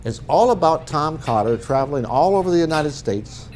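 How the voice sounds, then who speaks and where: A man's voice: on the high side, lively intonation, moderate pace, a little mellow, slight background noise. A middle-aged man from northern Minnesota giving a talk as an author, telling humorous anecdotes in a folksy way. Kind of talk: storytelling presentation.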